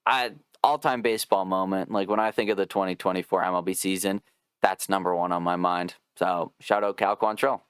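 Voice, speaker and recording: A young man hosting a podcast in casual chat, telling stories in an animated, profane way and laughing often. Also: deep voice, brisk, smooth, dry recording, clean studio sound. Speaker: podcast host.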